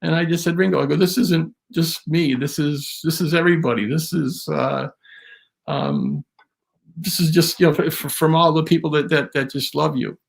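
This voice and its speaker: Gravelly man telling a rambling story. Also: on the high side, moderate pace. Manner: rambling, animated anecdote with repeated restarts. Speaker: guest drum historian. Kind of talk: casual storytelling interview.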